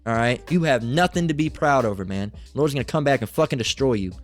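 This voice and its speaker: A man's voice: mid-range voice, fast talker, soft background music. A man giving an agitated, profane Bible lesson, ranting angrily and reading scripture between outbursts. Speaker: Bible teacher.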